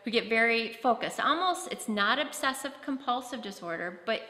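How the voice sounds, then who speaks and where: Female conference speaker, casual explainer tone with fillers; bright voice in a reverberant hall. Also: fairly high pitch, expressive, normal speed. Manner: conversational with many fillers and restarts. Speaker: presenter on autism. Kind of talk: conference talk. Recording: echoey hall with long reverb.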